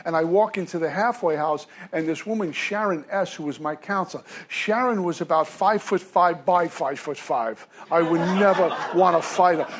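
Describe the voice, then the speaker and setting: A man from Brooklyn, telling his recovery story to a meeting from a podium in a self-deprecating way. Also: high-pitched. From Brooklyn, New York. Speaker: recovery speaker.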